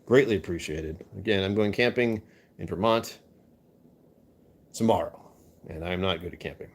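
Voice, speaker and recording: This man's voice sits low and moves at a moderate pace. He's chatting casually with his live-stream viewers, answering the chat with jokes and poking fun at himself along the way.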